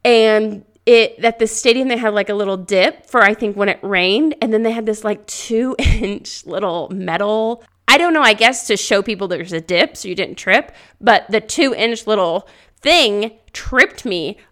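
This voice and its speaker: A woman hosting a podcast, telling stories in a loud, animated way and laughing often into a podcast microphone. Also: medium pitch, unhurried. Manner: speaks loudly; animated storytelling with frequent laughter. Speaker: podcast host. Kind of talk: casual motivational podcast monologue.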